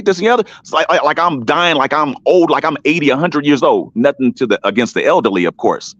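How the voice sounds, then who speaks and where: A man's voice: on the high side, animated, quick pace, few pauses, fairly bright tone, dry recording. A man in a heated casual talk on an online panel, emphatic and repetitive, calling listeners by name. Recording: dull dry stream audio.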